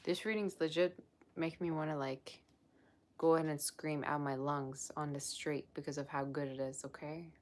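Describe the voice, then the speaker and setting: Low-voiced woman gushing over a tarot reading. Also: steady tone, normal speed. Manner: gushing, chatty and effusive. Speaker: tarot reader. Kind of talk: live-streamed tarot reading.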